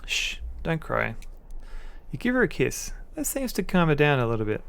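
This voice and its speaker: A man voicing a young man who calmly reassures his upset partner, reading game dialogue aloud in a soothing, steady way. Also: on the high side, moderate pace, vocal fry, pitched above the performer's own voice, exaggerated voice. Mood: reassuring. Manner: calm, reassuring.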